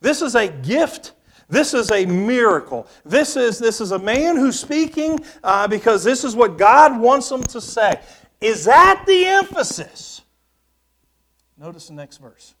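A high-pitched man preaching with a very lively, rising and falling voice. He reads scripture aloud and swings from loud emphasis down to hushed, almost whispered lines. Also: unhurried. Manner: reads scripture aloud in King James wording. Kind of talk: sermon with scripture reading.

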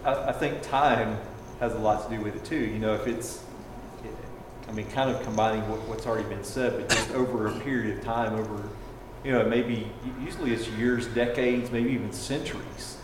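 A man's voice: fairly low pitch, steady tone, moderate pace. A man in a Bible class, thinking aloud with hedging fillers as he answers. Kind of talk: class discussion. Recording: roomy reverberant classroom, background noise.

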